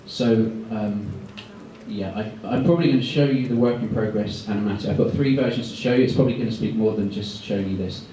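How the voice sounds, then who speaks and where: A man giving a guest talk to art students, talking quickly and loosely with many ums. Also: fairly low pitch, mellow. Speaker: guest speaker at an art school. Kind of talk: presentation to students. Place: lecture room. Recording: echoey room, far from the mic, faint noise.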